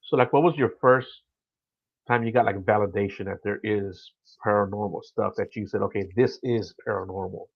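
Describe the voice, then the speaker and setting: A man asking questions on a podcast and telling his own stories in a relaxed, easygoing way. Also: lowish voice, normal speed, vocal fry, dry recording, muffled recording. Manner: relaxed, easygoing storytelling with "uh" and "you know". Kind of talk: casual podcast chat.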